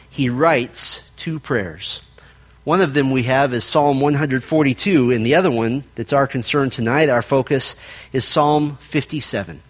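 A male preacher with a voice pitched a little high, telling the story with earnest, animated warmth of delivery. He moves between lively retelling and slow, solemn reading of scripture in a steady sermon cadence.

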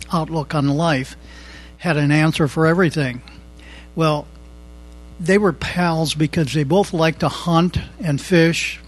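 A man's voice: fairly high pitch, poor audio. A man calling in to tell an earnest personal story about his brother and ask for advice. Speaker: caller asking a question.

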